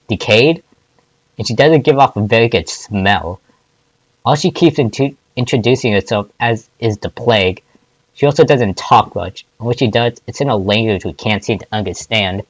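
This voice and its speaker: A man's voice: fairly low pitch, no room sound. A man reading fan fiction aloud, often stumbling and restarting words. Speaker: fanfic reader.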